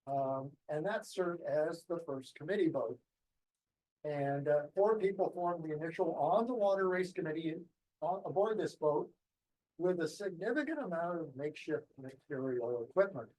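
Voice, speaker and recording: A man's voice: on the high side, expressive, moderate pace, darkish tone, low-quality recording. A man giving an anecdotal presentation to a club, rambling a little with ums and restarts. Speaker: guest speaker.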